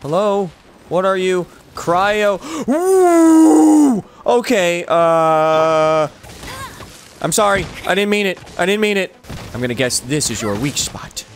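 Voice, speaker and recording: A man's voice: sits high, slow, slight background noise. Playful man doing let's-play commentary. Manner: playful, jokey, animated. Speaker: gaming channel host.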